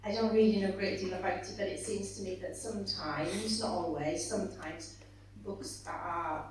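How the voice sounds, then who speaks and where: A woman's voice: on the low side, fairly even intonation, normal speed. A woman author on a conference panel, talking chattily and animatedly and often breaking off mid-sentence. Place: conference hall. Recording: echoey hall from far off with faint hum.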